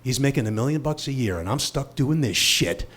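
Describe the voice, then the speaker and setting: A man's voice: mid-range voice, lively intonation, a little fast, fairly bright tone. A man voicing a bitter, washed-up middle-aged male comedian, grumbling and resentful.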